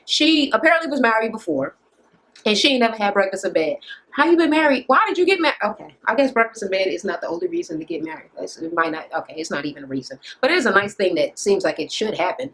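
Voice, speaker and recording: A woman's voice: lowish voice, expressive, quick pace, a bit bright. A woman vlogger giving a casual recap of a reality show, blunt and profane, sarcastic, often laughing at her own jokes. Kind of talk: casual ranting recap commentary.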